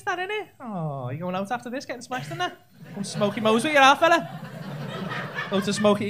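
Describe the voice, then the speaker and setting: A man's voice: high-pitched, background noise. A man doing brash, sweary crowd work as a stand-up comedian on a comedy club stage. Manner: brash, sweary, teasing banter with the audience. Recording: live club show with loud crowd laughter. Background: laughing audience.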